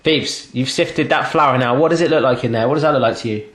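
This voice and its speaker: A man's voice: medium pitch, fast talker, fairly bright tone, roomy sound. A man hosting a casual cooking demonstration in his home kitchen, chatty and teasing as he cooks alongside a child. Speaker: cooking show host.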